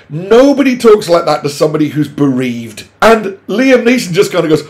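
A middle-aged man, talking to camera in an exasperated, sweary rant with sudden loud outbursts. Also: high voice, big pitch swings, normal speed. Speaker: vlogger. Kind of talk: opinionated monologue to camera.

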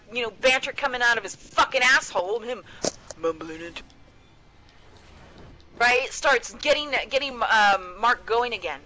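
A woman's voice: high voice, pushed and bright, poor audio. Foul-mouthed woman on a heated rant. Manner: profane, blunt ranting. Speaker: gamer in voice chat. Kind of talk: heated casual venting. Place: home.

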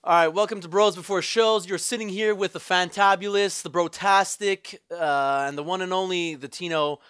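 A young man hosting his own gaming video, talking through play and breaking into shouted curses and groans. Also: sits high, moderate pace, clean tone, no echo. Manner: shouts, curses and groans at the game in sudden outbursts. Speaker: gaming channel host. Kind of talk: raging gameplay commentary. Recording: loud game audio under the voice. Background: game sounds.

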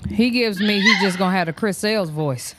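A woman's voice: mid-range voice, noisy background. A woman hosting a reaction stream, giving candid, slangy, outspoken commentary in a casual way. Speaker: reaction channel host.

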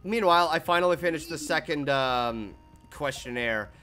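Male streamer, casual chat, lively bright delivery, curses and laughs while reading text. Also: on the high side, normal speed, soft background music. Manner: swearing, laughing, reading on-screen text aloud. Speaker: streamer playing a game with friends.

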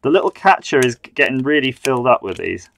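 A man's voice: mid-range voice, very animated, fast talker, creaky, a bit bright, slight background noise. A man hosting a live stream, chatting and muttering to himself as he builds an electronics kit. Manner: chatty, self-mocking, mutters while working.

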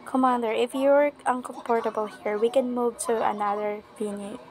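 A woman reading the lines of a polite, formal male knight in measured, careful speech. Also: a little high, steady tone, a little mellow, faint music behind, lightly acted, rough recording. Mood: reserved.

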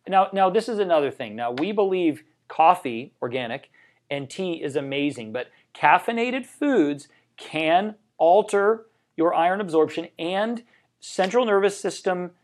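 A man's voice: high voice, animated, measured pace. A man co-hosting a live health show, talking enthusiastically and joking between points. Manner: enthusiastic and joking, tells personal anecdotes. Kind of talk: casual health chat on a livestream.

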